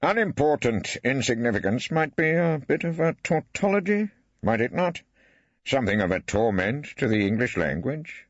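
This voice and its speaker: A man's voice: mid-range voice, big pitch swings, normal speed, dry recording, voice pushed up. A man playing a wry mock-polite barrister. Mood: ironic. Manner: arch, ironic courtroom questioning. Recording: dry, slightly dull studio.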